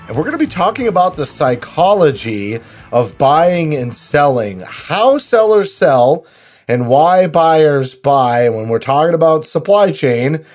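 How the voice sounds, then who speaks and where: A man's voice: on the high side, a little mellow. Upbeat guy hosting a podcast, talks loose with lots of fillers. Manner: upbeat, promotional, many "you know" fillers. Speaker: podcast co-host. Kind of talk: podcast interview.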